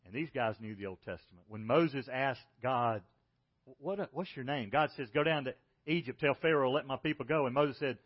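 Pastor preaching with loud and hushed swings. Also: male voice, mid-range voice, brisk, muffled recording. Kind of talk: sermon.

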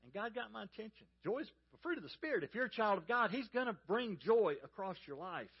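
A pastor from the American South with a Southern accent, preaching a sermon in a folksy storytelling manner and speaking straight to the congregation. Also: male voice, high voice, very animated, fast, husky, highs cut off. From Georgia, US South.

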